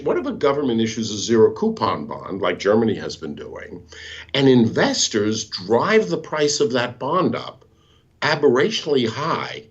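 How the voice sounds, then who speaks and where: A man's voice: medium pitch, slightly rough, highs cut off. A man, a bond market expert, explaining charts step by step in a patient, teacherly way over a remote call. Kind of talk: explaining charts in a live talk.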